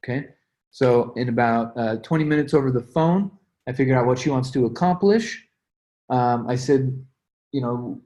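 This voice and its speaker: A man's voice: medium pitch, moderate pace, dark tone. A young man leading a sales team call, coaching with energy and acting out his own calls and texts. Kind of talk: motivational sales coaching talk.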